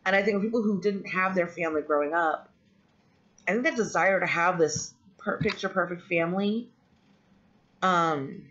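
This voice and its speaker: A woman's voice: lowish voice, normal speed, fairly bright tone, a little hiss or hum. A woman vlogger telling a personal story in a candid, rambling way, with frequent ums and restarts. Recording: dull lo-fi audio.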